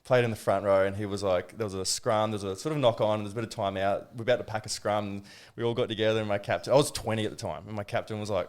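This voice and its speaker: A young Australian man hosting a podcast, telling lively stories in casual chat, swearing and laughing often. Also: on the low side, rapid-fire, clean tone. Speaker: podcast host.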